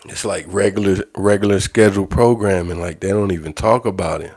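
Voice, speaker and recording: Deep-voiced man ranting bluntly. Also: steady tone, a little fast, a little mellow, husky. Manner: blunt, profane, repeats phrases for emphasis. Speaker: livestream host. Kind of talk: casual livestream monologue.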